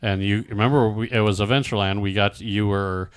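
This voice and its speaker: A man in his forties from Nebraska hosting a podcast in casual chat, easygoing and halting, often repeating and restarting his words. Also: lowish voice, fairly even intonation, smooth, dry recording, clean studio sound. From Nebraska, USA. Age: 40s. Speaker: podcast host.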